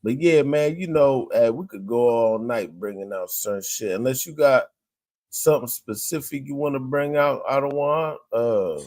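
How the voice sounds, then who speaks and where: A man's voice: medium pitch, normal speed, a little mellow, no echo. A man hosting a podcast in casual chat, rambling, hunting for words and quoting scripture. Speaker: podcast host.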